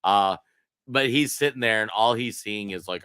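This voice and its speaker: A fairly low-pitched man with a bright, forceful tone, co-hosting a casual political talk show. He tells stories animatedly and acts out other people's quotes, recorded close and dry. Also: unhurried, clean tone, no echo. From Minnesota. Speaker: co-host.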